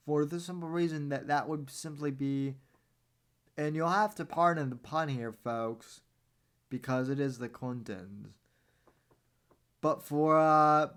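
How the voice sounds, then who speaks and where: A man hosting a podcast, giving casual political commentary in a meandering, halting way with sarcastic asides. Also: mid-range voice, clean tone. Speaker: podcast host.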